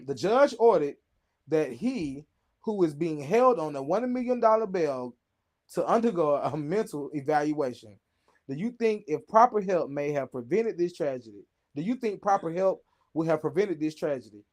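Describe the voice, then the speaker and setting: A man's voice: fairly high pitch, animated, moderate pace. A man hosting a casual news show, reading stories aloud with jokes, laughing and stumbling over names. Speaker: show host.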